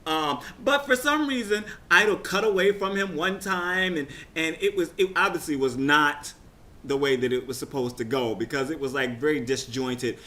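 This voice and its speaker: A man casually recapping a TV results show, chatty and excitable, rambling with frequent restarts. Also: on the high side, moderate pace.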